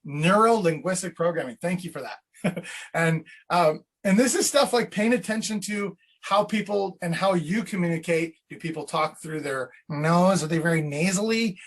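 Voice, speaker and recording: A man's voice: sits high, moderate pace. A man coaching real estate agents on sales scripts in a casual teaching chat, acting out client lines as he goes.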